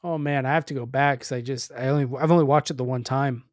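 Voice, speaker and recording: Podcast guest, man, mid-range voice, relaxed and hesitant, dry recording. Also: medium pitch, fast, dry recording. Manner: easygoing, hesitant, laughs easily. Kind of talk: casual movie chat.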